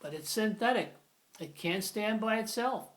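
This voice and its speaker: A man's voice: high voice, expressive, normal speed, a bit bright. A man giving a grammar video lesson, patient and emphatic, repeating his key phrases. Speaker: grammar teacher.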